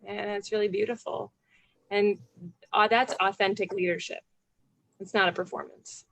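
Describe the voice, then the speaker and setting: A woman's voice: medium pitch, steady tone, gravelly, a bit bright, slight background noise. A woman giving an earnest, heartfelt motivational talk to a group as a guest speaker. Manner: earnest, quick, heartfelt, laughs often.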